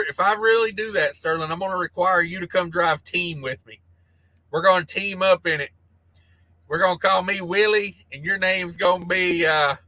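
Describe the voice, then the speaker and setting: Joking trucker man, bright high voice. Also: no room sound, rough recording. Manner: crude joking banter, laughs often. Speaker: trucker live-stream host. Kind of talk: casual live-stream chat reading super chats.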